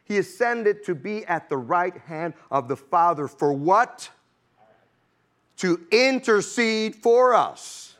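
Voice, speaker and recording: Man, high voice, preacher, conversational sermon, calls out "amen?", light laughs. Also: animated, slow pace, fairly bright tone. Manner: conversational, checks in with the congregation with "amen?" and "okay?"; laughs lightly between points.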